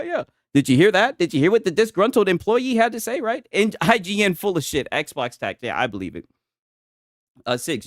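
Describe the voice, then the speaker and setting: A man's voice: on the high side, fairly bright tone, dry recording, studio quality. Slangy, joking young man streaming live. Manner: loose and joking, slangy, talks to chat, many "right?" tags. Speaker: streamer reacting to gaming news and chat. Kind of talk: casual livestream commentary.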